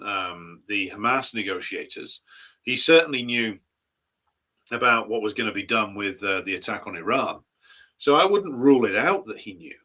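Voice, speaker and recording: Bright-voiced male political commentator. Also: fairly low pitch. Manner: argumentative, asks rhetorical questions.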